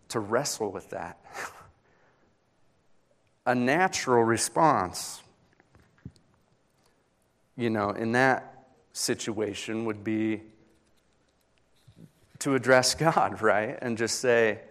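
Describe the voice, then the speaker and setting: A man's voice: medium pitch, a bit bright. Earnest man preaching a personal story. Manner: personal storytelling, earnest, pausing, rising intensity. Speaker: pastor. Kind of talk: sermon.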